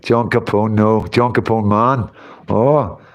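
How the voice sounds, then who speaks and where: A man's voice: fairly low pitch, fairly even intonation, slow. A man, hosting a casual livestream, rambling and chatting as he reads out comments, often breaking into laughter. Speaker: livestream host reading chat.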